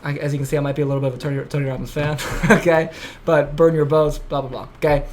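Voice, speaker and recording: Fast-talking, profane male podcast host. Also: fairly high pitch, a little hiss or hum. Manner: profane, excitable storytelling. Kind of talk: casual chat.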